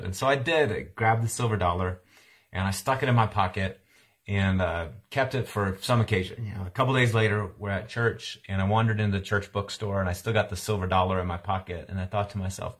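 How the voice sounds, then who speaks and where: A man's voice: fairly low pitch, a little fast, fairly bright tone. A man around forty preaching a sermon, telling a childhood story in a conversational way and acting out the voices of his parents. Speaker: pastor.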